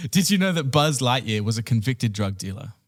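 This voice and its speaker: A young man co-hosting a casual podcast, lively and joking as he tells stories. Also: medium pitch, moderate pace. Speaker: podcast co-host. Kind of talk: casual chat. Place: home studio room.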